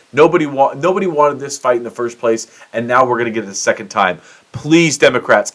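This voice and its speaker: A man's voice: medium pitch, a little fast, fairly bright tone. A middle-aged man from the United States hosting his own show, ranting in casual commentary with swearing and self-mocking outbursts. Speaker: podcast host.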